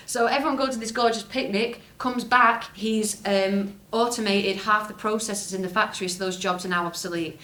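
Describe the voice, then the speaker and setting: A woman's voice: medium pitch, fairly even intonation, normal speed, fairly bright tone. A young woman with a Lancashire accent giving a talk at a folk festival, with a wry, self-mocking humour and laughing asides. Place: festival talk venue, indoors. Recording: echoey room from a live talk.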